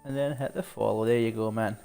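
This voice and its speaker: A Scottish man from Glasgow talks easily to his viewers while playing. He asks them questions, laughs often and wanders from topic to topic. Quiet game music plays behind him. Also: on the low side, fairly even intonation, fast, vocal fry. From Scotland, Glasgow. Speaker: streamer. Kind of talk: casual chat while playing a game live.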